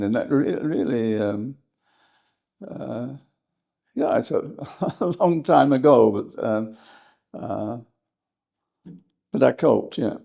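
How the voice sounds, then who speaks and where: An older man from England reminisces in a rambling, hesitant way, often breaking into laughter. His voice is gravelly and warm. The recording sounds slightly dull and lo-fi. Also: medium pitch, slow, long pauses. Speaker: historian guest. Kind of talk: reminiscing interview talk.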